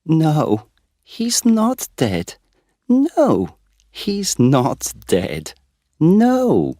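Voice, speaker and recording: A man voicing a wild, frightened young German governess who cries out in a shrill, high voice. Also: wildly swooping pitch, very slow, warm tone, no echo, studio quality, exaggerated voice. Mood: frantic. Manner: shrill, crying out.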